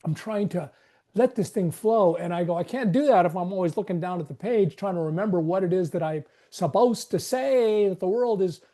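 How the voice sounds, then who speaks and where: A man's voice: high voice, a little fast, mellow. A man talking in a casual group discussion, rambling and acting out his own inner dialogue. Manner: rambling, self-questioning, acts out inner dialogue. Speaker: webinar participant.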